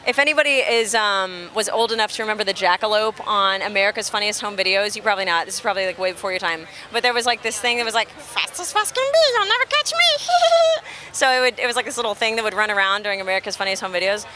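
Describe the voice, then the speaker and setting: A woman's voice: medium pitch, rapid-fire, few pauses, background noise. A young woman, a musician guest, chatting casually outdoors, laughing easily and full of fillers. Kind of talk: casual interview chat. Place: outdoors at a festival.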